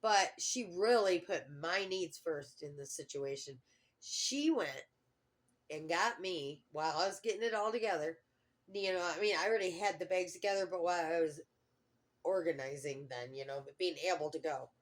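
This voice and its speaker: Middle-aged woman rambling through a story on her vlog, kinda low voice, lots of um and you know. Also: moderate pace. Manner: rambling, full of fillers and restarts. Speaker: vlogger.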